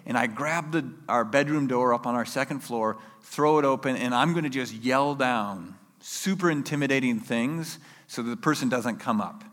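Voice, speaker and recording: A man preaching a sermon, telling a personal story in an animated way and acting out his own shouts. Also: mid-range voice, moderate pace, few pauses, big-room sound.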